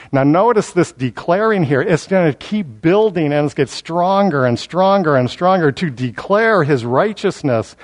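A man preaching an expository Bible sermon, building emphasis through repetition and slowing down on key words. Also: on the high side.

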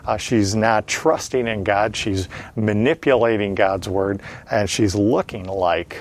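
Low-voiced man preaching a Bible sermon. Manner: measured teaching delivery with frequent "uh" fillers. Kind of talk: expository sermon.

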